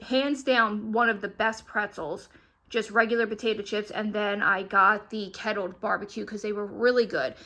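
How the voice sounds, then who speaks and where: A woman's voice: mid-range voice, steady tone, normal speed, bright, forceful tone. A young woman chatting at home about her grocery bargains, a little out of breath as she unpacks. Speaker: vlogger. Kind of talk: casual grocery haul chat. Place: at home, kitchen.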